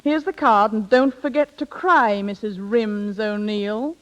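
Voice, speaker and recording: A woman's voice: mid-range voice, a little slow, lo-fi sound, close to an everyday voice. An actress playing a worldly older woman, a former secretary, coaxing and theatrical in a vintage radio drama. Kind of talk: 1940s radio acting.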